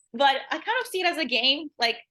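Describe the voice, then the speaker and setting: A woman teaching languages chats freely in an interview. Her voice is bright and forceful and sits somewhat high. She rambles and fills her speech with "like," laughing easily. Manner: rambling, frequent "like", laughs often. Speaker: language teacher, podcast guest. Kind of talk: casual interview chat.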